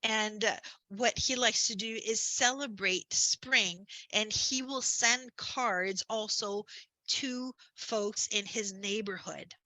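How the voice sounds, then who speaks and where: Bright-voiced woman coaching in a chatty way. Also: medium pitch, slow pace, no room sound, low-quality recording. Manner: upbeat, chatty, with asides and self-corrections. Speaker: business coach. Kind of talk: conversational marketing presentation.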